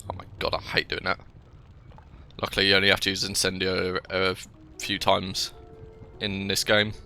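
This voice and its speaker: A man's voice: low-pitched, completely flat delivery, moderate pace, gravelly, pushed and bright, faint music behind. A young man with a cold, rambling casually as he plays a video game and talks to the game as he goes. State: slightly ill, coughing. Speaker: gaming channel host. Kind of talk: casual let's-play commentary.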